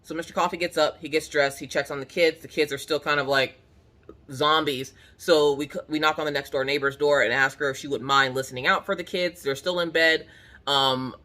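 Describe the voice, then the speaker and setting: Bright-voiced woman telling a story. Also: deep voice. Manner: animated, acts out her own reactions, lots of "like". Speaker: crafting channel host. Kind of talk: casual storytelling to viewers. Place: at home.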